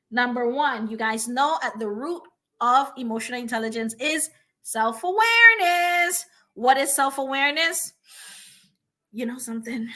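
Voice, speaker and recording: A woman's voice: fairly high pitch, pushed and bright. A woman hosting a motivational talk, emphatic and repetitive, often checking in with "right?". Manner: emphatic, repeats points with frequent "right?". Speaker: host.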